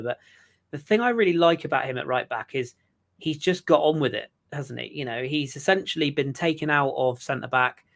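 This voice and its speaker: A man's voice: mid-range voice, fairly bright tone. A man co-hosting a fan podcast, talking football in a chatty, joking way with many fillers and restarts. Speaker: podcast co-host. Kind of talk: casual football chat.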